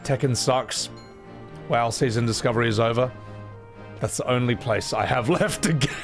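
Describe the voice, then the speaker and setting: A young man streaming a game, talking casually in a rambling, profane, animated way. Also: mid-range voice, normal speed, faint music behind. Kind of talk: casual gameplay reaction stream.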